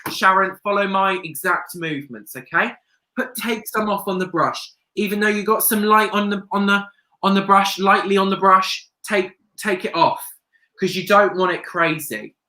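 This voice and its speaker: A young woman hosting a live makeup tutorial, bubbly and excitable, chanting catchphrases to her viewers. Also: mid-range voice, moderate pace. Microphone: webcam on a livestream.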